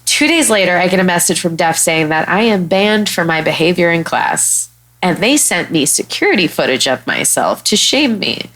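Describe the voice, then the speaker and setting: A woman's voice: lowish voice, normal speed, low-quality recording. A young woman from Chicago, a stand-up comic hosting a podcast, telling a story bluntly and with lots of swearing. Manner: blunt, profane, animated storyteller. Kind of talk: casual storytelling chat.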